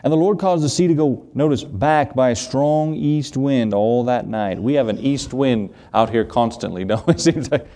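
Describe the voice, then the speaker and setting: A male pastor preaching a sermon, often asking his listeners rhetorical questions and slowing down to stress key words. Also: mid-range voice, dark tone. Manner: asks the congregation rhetorical questions, slows for emphasis.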